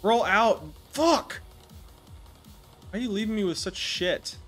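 A man speedrunning a golf game, commenting out loud with frequent swearing and frustrated outbursts. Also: high-pitched, a little fast, faint music behind. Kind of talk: profane live gameplay commentary.

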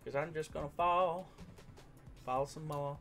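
A man's voice: a little high, fairly even intonation, a little slow, vocal fry, fairly bright tone, faint music behind. A young man giving playful, casual commentary over a game he is playing, singing along and slipping into goofy voices. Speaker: gaming streamer.

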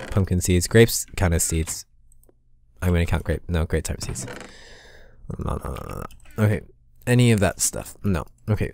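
Low-voiced man narrating his gameplay. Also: darkish tone, a little hiss or hum. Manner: chatty, muttering asides, sudden exasperated outbursts. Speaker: gaming channel host. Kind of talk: casual gameplay commentary.

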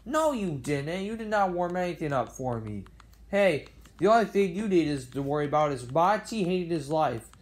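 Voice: medium pitch, big pitch swings, normal speed. A parody video maker giving a silly, rambling improvised voice-over, arguing back and forth with itself.

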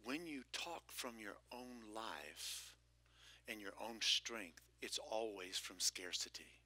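A man serving as a church pastor delivers a spirited sermon in a church sanctuary, swinging from loud exclamations to hushed whispers and tossing in playful asides. His voice sits fairly low and his delivery is slow.

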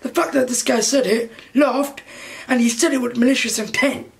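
A man's voice: very high-pitched, steady tone, normal speed, vocal fry. A man delivering an indignant, heated commentary rant to camera, swearing often and repeating phrases for emphasis. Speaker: YouTube commentator.

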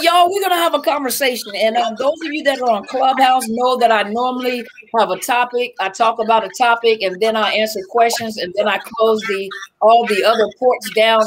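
A woman's voice: fairly high pitch, noisy background. A woman with a Southern US accent hosting a casual livestream, greeting viewers by name with lots of fillers. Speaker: livestream host and coach.

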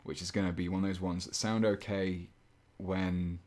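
His voice sits low, with a level, darkish tone and a normal pace, as this man paints on a live stream. He chats casually and playfully, rambling, thinking aloud, and mocking himself.

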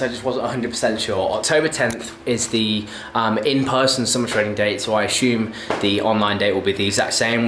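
A young man, a fitness vlogger, chatting casually and rambling between sets in his home garage gym, often correcting himself. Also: medium pitch. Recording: echoey garage with loud background noise.

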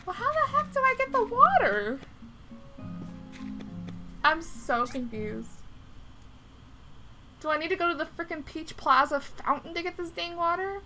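A woman's voice: extremely high pitch, sing-song, measured pace, long pauses, pushed and bright, faint music behind. A young woman giving casual, chatty gameplay commentary, often exasperated and grumbling mildly. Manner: exasperated, chatty, mild swearing. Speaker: gaming streamer.

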